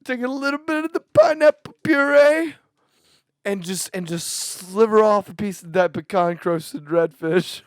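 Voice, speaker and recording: A podcast co-host in casual chat, rambling and halting as they describe a meal, laughing often. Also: mid-range voice, smooth, dry recording, studio quality.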